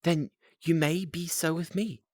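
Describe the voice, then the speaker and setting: A man reads aloud as an anxious young gentleman, pitched well above his own low voice. The pleas come out earnest and urgent. The sound is close and dry. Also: steady tone, measured pace, dry recording.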